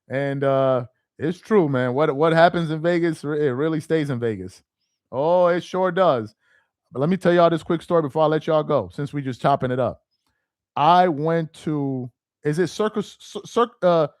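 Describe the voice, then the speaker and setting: Lively, chatty man with a fairly high voice. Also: dry recording, clean studio sound. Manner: animated and talkative, repeats himself, laughs easily. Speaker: live stream host reading viewer chat. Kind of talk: casual live chat.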